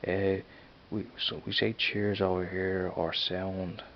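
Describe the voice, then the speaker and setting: A man's voice: sits low, little pitch movement, takes it slowly, vocal fry, muffled recording, a little hiss or hum. A man with a Dublin accent chatting casually in a home vlog, rambling and repeating "you know what I mean". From Ireland. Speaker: vlogger. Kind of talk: casual accent tag video.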